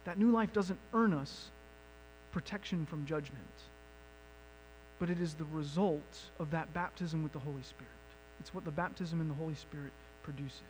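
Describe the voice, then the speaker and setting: High-voiced pastor preaching with rising fervor. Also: male voice, moderate pace, slight background noise, low-quality recording. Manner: builds from quiet reflection to loud emphatic questions. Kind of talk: sermon.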